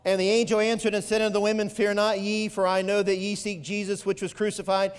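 A man's voice: sits high, flat delivery, fast talker, smooth, in a large hall. A man preaching an Easter sermon as pastor, stretching key phrases and building to emphatic peaks. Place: church sanctuary.

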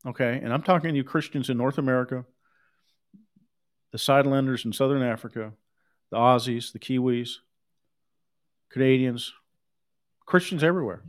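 A male preacher delivers a sermon with a mid-range voice. He talks in a casual, conversational tone, but he hammers his points home by repeating himself. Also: mid-range voice. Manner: emphatic, repetitive, conversational.

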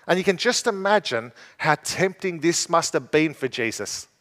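A man with a slightly high voice preaches a conversational sermon, asking his listeners rhetorical questions. His voice rings with the long reverb of a church hall. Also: animated, normal speed, few pauses, fairly bright tone.

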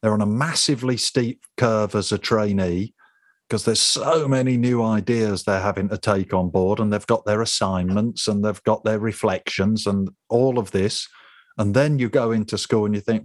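Man, podcast host, low voice, dry close sound, conversational. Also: steady tone, normal speed, dry recording. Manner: conversational, asks tag questions. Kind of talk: casual interview chat.

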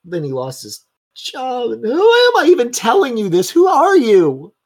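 A heartbroken young wife sobs in a high, breaking voice, as a man puts her on. Her words come in shaky bursts. The voice has a husky edge. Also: wildly swooping pitch, moderate pace, heavily acted. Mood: weeping. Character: distraught young woman sobbing over her abusive husband.

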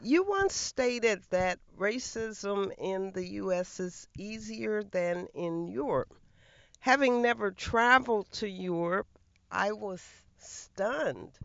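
An interview host asking measured, attentive questions. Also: medium pitch, animated, vocal fry, fairly bright tone, no echo. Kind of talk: conversational interview. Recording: slightly muffled, lo-fi audio.

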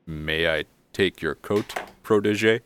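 A man doing a deadpan goliath servant. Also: low-pitched, takes it slowly, a little hiss or hum. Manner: deadpan, flat. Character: towering goliath servant, deadpan and blank-staring. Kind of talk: voicing a character in a tabletop game.

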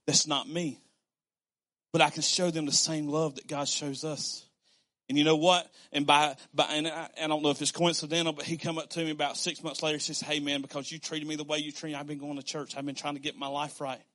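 A male pastor delivers a lively sermon from a pulpit, talking to the congregation as if chatting. His voice sits high for a man and rings bright and forceful. He repeats himself for emphasis and slips into little acted-out quotes. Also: fairly quick. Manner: conversational, animated preaching with repetitions and acted-out quotes.

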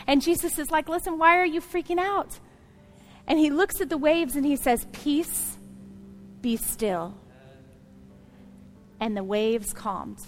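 A woman pastor preaching a sermon to her congregation, speaking earnestly and directly to the listeners, building into loud, emphatic passages. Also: on the high side.

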